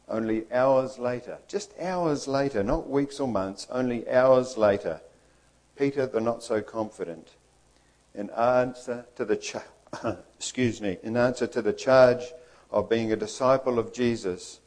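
An earnest male preacher delivering a sermon with emphasis and repetition. He acts out the figures he quotes while keeping to a steady preaching delivery. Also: mid-range voice, unhurried, low-quality recording.

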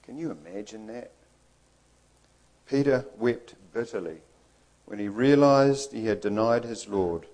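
An earnest male preacher delivering a sermon with emphasis and repetition. He acts out the figures he quotes while keeping to a steady preaching delivery. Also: lowish voice, unhurried, long pauses, rough recording.

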